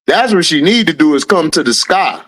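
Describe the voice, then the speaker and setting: A man's voice: a little high, very animated, brisk, fairly bright tone. A man hosting a casual livestream, reading out viewer names and answering the chat, laughing often. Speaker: livestream host. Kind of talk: casual live-chat commentary.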